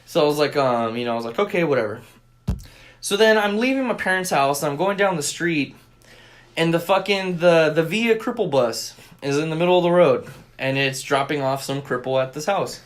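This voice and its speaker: Talking fairly fast in a voice on the high side, this young man co-hosts a podcast and relates a lengthy tale in relaxed chat. He's an animated, foul-mouthed storyteller who performs the quotes.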